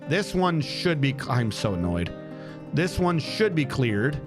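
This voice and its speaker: A man's voice: mid-range voice, very animated, slow pace, over music. Frustrated man muttering over gameplay. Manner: frustrated muttering, counting tiles aloud. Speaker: streamer. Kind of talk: live gameplay commentary.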